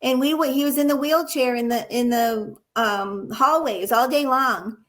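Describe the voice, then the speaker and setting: A woman with a high voice talks earnestly about her work teaching nurses. She tells stories in a conversational way and acts out the exchanges she describes. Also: measured pace, fairly bright tone. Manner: earnest, illustrates points with acted examples. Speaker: nursing educator and guest. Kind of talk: conversational interview, storytelling.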